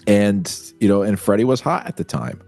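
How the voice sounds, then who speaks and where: Lowish man telling rambling anecdotes. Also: normal speed, darkish tone, no room sound, faint music behind. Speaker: podcast guest. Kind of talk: casual chat.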